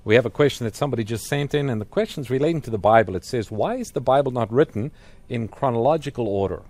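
A man's voice: medium pitch, fast talker, a little mellow, no echo. A man co-hosting a Bible question show, reading listener questions and adding scripture. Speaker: co-host. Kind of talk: Bible question and answer talk.

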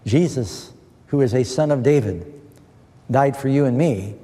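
A man's voice: mid-range voice, unhurried, dark tone. A middle-aged male preacher giving a sermon as a Bible study, posing questions and answering them with scripture in an earnest, emphatic way. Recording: long reverb of a large hall.

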